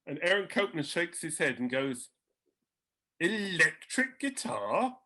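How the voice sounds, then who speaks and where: A man's voice: a little high, normal speed. A man telling musical anecdotes in conversation, acting out the voices of the people in his stories. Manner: animated, acts out quoted voices. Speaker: guest storyteller.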